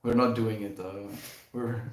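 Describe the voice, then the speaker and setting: A man's voice: lowish voice, fairly even intonation, unhurried. A young man hosting a casual live stream, reading viewer comments and chatting in a laid-back way, often laughing and calling people dude and bro. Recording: echoey room.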